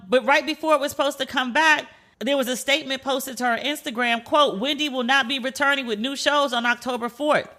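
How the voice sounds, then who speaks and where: Brief: woman podcast host, bright and punchy, chatty storyteller who acts out the voices she quotes. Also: sits high. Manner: chatty, animated, swears, acts out quoted dialogue.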